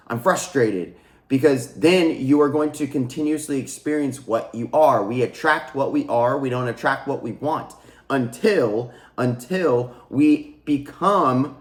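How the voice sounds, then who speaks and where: A man's voice: mid-range voice, a little slow. Earnest man teaching in an echoey room. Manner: earnest and repetitive, restarts phrases, addresses viewers as "guys". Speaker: spiritual coach and channel host. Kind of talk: casual spiritual teaching monologue.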